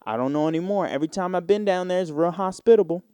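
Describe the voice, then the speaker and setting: A man from New York hosting a solo podcast, with a mellow, relaxed timbre. He rambles casually, full of slang and profanity, and the recording is dry and close with no room sound. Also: sits high, quick pace, smooth, no room sound. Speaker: podcast host.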